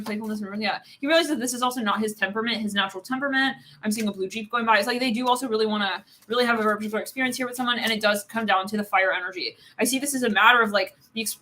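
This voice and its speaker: A woman's voice: on the high side, sharp tone. A woman giving a casual live tarot reading, rambling with many fillers, swearing and laughing often. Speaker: tarot card reader.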